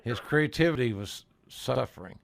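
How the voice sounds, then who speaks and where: A man's voice: mid-range voice, expressive, moderate pace, vocal fry. Folksy older man hosting a podcast. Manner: folksy, salty, chuckling storyteller. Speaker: podcast host. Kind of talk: casual interview chat.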